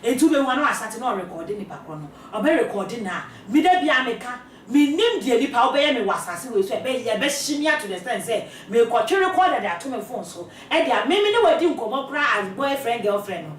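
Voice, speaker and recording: A woman talking casually as a guest, animated, laughing often and repeating phrases for emphasis. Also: a little high, fast, few pauses, recorded from a distance, slight background noise. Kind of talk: casual talk show conversation. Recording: echoey room, voice from off-mic.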